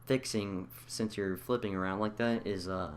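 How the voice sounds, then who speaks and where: A man's voice: on the low side, steady tone, normal speed, a little hiss or hum. A young man giving casual, rambling gameplay tips over his own footage, full of fillers and restarts. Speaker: gaming video creator. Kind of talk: casual gameplay tutorial commentary.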